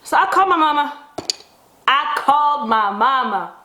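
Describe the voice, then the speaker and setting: A woman who vlogs about beauty tells a dramatic story while doing her makeup at home. She is animated and swears casually. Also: high voice, normal speed. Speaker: beauty vlogger. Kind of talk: casual get-ready-with-me storytelling. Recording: roomy echo.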